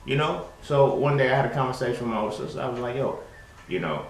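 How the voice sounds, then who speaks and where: A man's voice: medium pitch, steady tone, quick pace, slight background noise. A young man hosting his own show, talking in a casual monologue full of slang, swearing and fillers. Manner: profane, streetwise slang, frequent fillers. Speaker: host. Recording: roomy echo.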